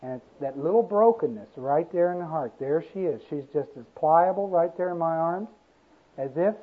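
A man preaching a sermon, slow and emphatic, with a repetitive preaching cadence. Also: fairly high pitch, breathy edge. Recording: tinny lo-fi sermon recording.

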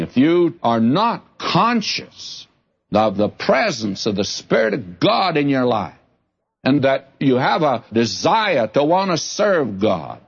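A man's voice: on the high side, husky, lo-fi sound. A man teaching the Bible in an earnest, direct way, reading scripture aloud and then explaining it.

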